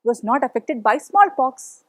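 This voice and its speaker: A woman's voice: high voice, sing-song, moderate pace, no room sound. A woman with an Indian English accent teaching a school biology lesson, reading from a prepared text and putting questions to the class. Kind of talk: read-aloud lesson.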